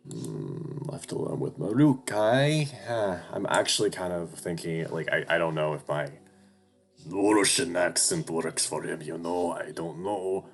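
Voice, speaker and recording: A man's voice: low-pitched, animated, measured pace, creaky, soft background music. A young man narrating a story game in first person, casual and rambling, swearing now and then. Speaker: game streamer. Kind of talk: narrating a visual novel playthrough.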